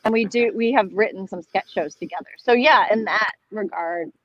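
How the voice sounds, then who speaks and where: A woman's voice: mid-range voice, moderate pace, no echo. Chatty woman on a dull line. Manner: chatty, laughs often, many fillers. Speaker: guest, comedian and actor. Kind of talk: casual chat over a video call.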